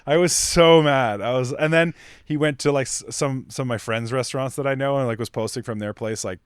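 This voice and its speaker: A man, a chef guest on a podcast, telling stories casually with lots of fillers, getting animated when annoyed. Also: mid-range voice, a little fast, clear, resonant tone, no echo, clean studio sound. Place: podcast studio.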